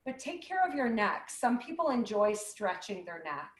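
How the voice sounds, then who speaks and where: A woman guiding a yoga class with gentle, playful cues. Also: medium pitch, very animated, moderate pace. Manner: gentle, playful cueing with animal sounds. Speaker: yoga instructor. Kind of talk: guided yoga class instruction. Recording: echoey room.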